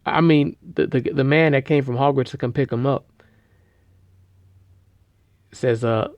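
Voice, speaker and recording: A man casually retelling a story, rambling with slang, fillers and restarts, and getting loud and animated at the big moments. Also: medium pitch, measured pace, no room sound. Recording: dull lo-fi recording.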